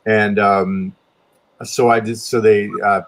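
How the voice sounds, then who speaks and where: A man's voice: little pitch movement, slow pace. A man casually telling a long story with many restarts, his voice jumping up when he quotes himself. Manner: rambling, many restarts, pitch jumps up when quoting himself. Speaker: guest artist telling a story.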